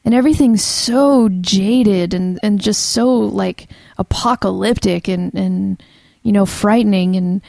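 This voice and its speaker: Podcast co-host, female, mellow and chatty, dry close sound. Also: mid-range voice, unhurried, gravelly, no room sound. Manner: chatty, frequent fillers and restarts. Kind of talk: casual chat.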